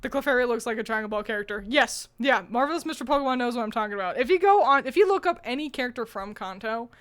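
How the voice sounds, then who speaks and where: A woman's voice: a little high, expressive, fairly bright tone. Chatty woman rambling with playful swearing. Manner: rambling, playful, swears casually, quick bursts of laughter. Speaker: podcast co-host. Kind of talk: casual chat.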